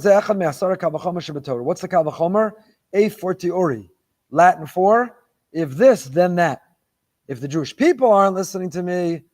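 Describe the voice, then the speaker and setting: A man's voice: a little high, darkish tone. A middle-aged man, a rabbi giving a Torah lecture, who talks emphatically and repeats phrases for stress.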